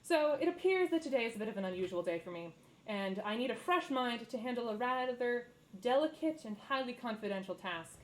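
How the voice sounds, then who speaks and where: A woman's voice: on the high side, animated, a little fast, slight background noise, natural voice, poor audio. A woman voicing a prim, self-important tiefling official who talks down to her intern in a pompous, clipped way.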